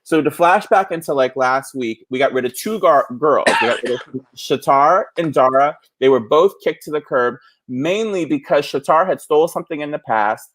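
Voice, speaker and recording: This podcast host from the New York City area speaks at normal speed in a slightly high, animated voice with a fairly bright tone. He tells stories chattily, using many fillers in casual conversation.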